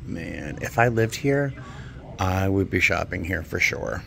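A man vlogging while he browses antique and vintage shops, gushing and musing aloud, sometimes dropping to a soft near-whisper. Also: on the low side, animated, normal speed, creaky, music in the background. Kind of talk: casual vlog narration while shopping.

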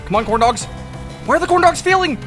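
A gaming video creator giving live gameplay commentary, excitable, swearing and laughing often. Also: sits high, fast talker, over music.

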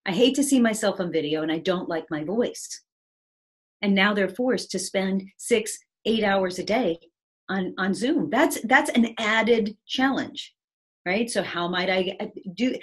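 A woman's voice: mid-range voice, husky. A woman giving a conversational talk on resilience over a video call, reflective and often checking in with the listener. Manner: reflective, frequently checking in with "right?". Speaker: speaker on resilience and change.

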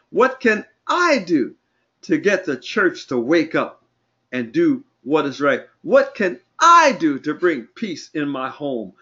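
A man preaching an online sermon as pastor, fervent and rising to loud cries. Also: a little high, muffled recording.

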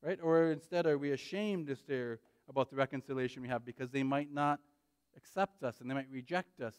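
A man's voice: mid-range voice, no echo, studio quality. A man preaching a sermon as pastor, urgent and pleading, often checking in with "right?".

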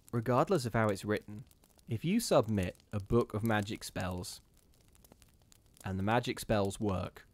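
Giggly man reading stories live. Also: fairly low pitch. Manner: giggly, rambling, animated. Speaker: host reading ghost stories and chat. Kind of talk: casual live-stream chat and reading aloud.

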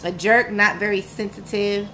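A woman with a mid-range, bright and forceful voice speaks at a moderate pace with fairly even intonation, over a little hiss or hum on poor audio. As a podcast guest, she tells her own story candidly, frank and emphatic, slangy, vividly retelling events with quoted dialogue.

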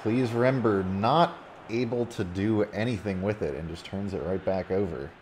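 A man casually commentating a video game football match play by play, getting loud when a goal goes in. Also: on the low side, moderate pace, a little hiss or hum. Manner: casual, rising excitedly on goals.

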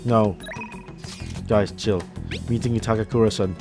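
A man's voice: lowish voice, fairly even intonation, a little slow. A man hosting a casual game playthrough, reading dialogue aloud with chatty asides. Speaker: let's play host. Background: game music.

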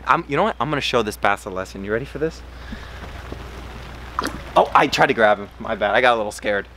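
A man filming a casual fishing vlog outdoors by a pond, chatty and excitable, hurting from a cut on his hand. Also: quick pace, a little hiss or hum. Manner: excitable, talks to his fish in a high baby voice. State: in pain from a cut. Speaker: fishing vlogger.

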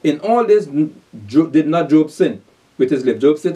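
A man's voice: mid-range voice, brisk, warm tone, recorded from a distance. A man preaching a sermon, reading scripture aloud and pressing his listeners with repeated rhetorical questions. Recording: voice set back from the mic.

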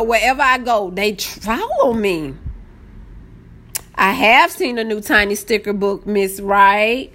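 A woman chatting casually on a live stream, greeting viewers by name and getting excited easily. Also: mid-range voice, takes it slowly. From Southern United States. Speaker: planner live-stream host.

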